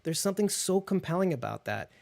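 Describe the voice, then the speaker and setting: A podcast co-host chatting through a TV episode recap. The speaker sounds eager and keyed up, with words piling on quickly. The voice sits at an ordinary middle pitch. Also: creaky. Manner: excitable, talks fast when worked up. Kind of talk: casual TV recap chat.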